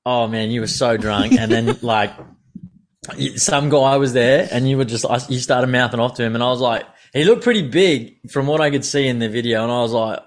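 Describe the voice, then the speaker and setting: A man with a mid-range voice talks in laid-back, teasing banter. He swears freely as he chats with his co-host over a video call. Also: mid-range voice. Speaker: podcast co-host. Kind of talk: casual podcast chat.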